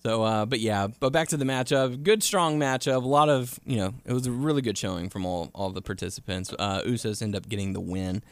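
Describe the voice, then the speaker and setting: A man's voice: fairly low pitch, a little fast, few pauses, smooth, no room sound. Laid-back young man recapping wrestling. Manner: laid-back, recaps with fillers, laughs often. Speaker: podcast co-host.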